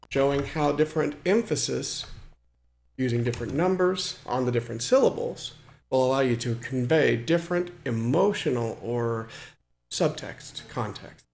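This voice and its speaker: A man's voice: medium pitch, creaky, darkish tone, slight background noise. A man walking through a computer tutorial, explaining step by step with many fillers and restarts. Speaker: hobbyist programmer demonstrating software. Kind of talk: screen-recorded tutorial walkthrough.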